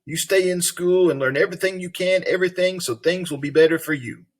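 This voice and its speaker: A man reading aloud as a worried, earnest working mother from a storybook, his voice raised and husky. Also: sits high, a little fast, pitched above the performer's own voice.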